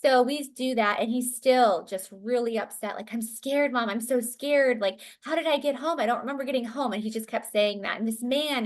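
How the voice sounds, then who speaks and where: A woman's voice: on the high side, a bit bright. Earnest woman guest recounting a story. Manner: earnest, with many fillers and restarts. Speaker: interview guest. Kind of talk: conversational storytelling.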